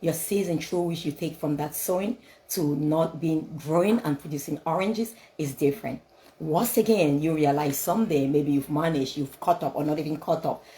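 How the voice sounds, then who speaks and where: A woman's voice: low-pitched, normal speed, dark tone, rough recording. A woman speaking English as a second language, giving a motivational talk laced with scripture, emphatic and repetitive, full of rhetorical questions. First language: not English.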